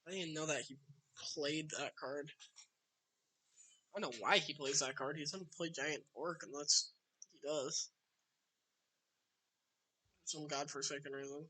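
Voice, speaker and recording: A man with a slightly high, sharp voice streams a card game live at a measured pace, keeping a steady tone and leaving long pauses. He chats casually throughout and talks to his opponent while playing.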